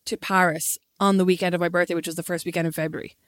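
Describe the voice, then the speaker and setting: A young Irish woman telling a story in casual chat, animated and swearing freely. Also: fairly low pitch, very fast, no echo, clean studio sound. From Ireland.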